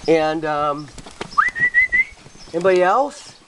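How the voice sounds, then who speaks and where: A woman's voice: mid-range voice, lively intonation, slow, long pauses. Woman cooing to puppies in baby talk. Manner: sing-song baby talk, coaxing. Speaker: puppy owner. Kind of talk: home video, calling and cooing to puppies. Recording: noisy home video.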